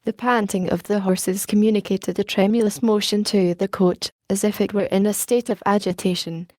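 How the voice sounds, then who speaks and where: A woman narrating a classic novel in a steady, measured storytelling manner. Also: medium pitch, no room sound, clean studio sound. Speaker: audiobook narrator.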